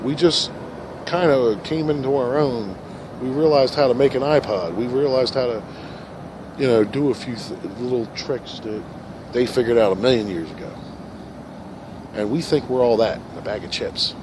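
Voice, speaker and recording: A man rambling through a profane monologue, dropping to low mutters and then rising into loud rants, recorded in a park. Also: normal speed. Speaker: vlogger. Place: park outdoors. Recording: outdoor recording with traffic noise. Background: passing cars and outdoor ambience.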